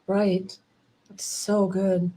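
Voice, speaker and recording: A woman's voice: medium pitch, drawn-out words. A woman sharing an emotional personal testimony, laughing often and acting out the dialogue she recalls. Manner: animated, laughing often, acts out quoted dialogue. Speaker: retreat participant sharing her experience.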